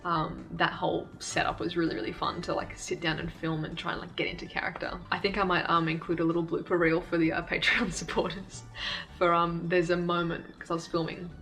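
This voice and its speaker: A woman's voice: fairly low pitch, flat delivery, fairly quick, a bit bright, soft background music. A young adult woman, talking candidly and self-deprecatingly in a casual vlog, laughing often. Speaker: YouTube creator. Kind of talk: casual reflective vlog talk.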